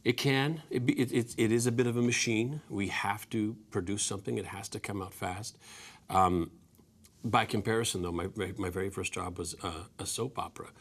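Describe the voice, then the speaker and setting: A man's voice: fairly low pitch, fairly even intonation, normal speed, breathy edge. A man in his forties, a guest actor in an interview, easygoing with many restarts. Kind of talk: interview talk.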